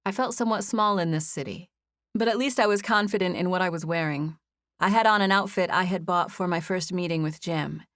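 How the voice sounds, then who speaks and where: Low-voiced woman narrating an audiobook. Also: brisk, fairly bright tone, dry recording, clean studio sound. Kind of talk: scripted first-person audiobook narration.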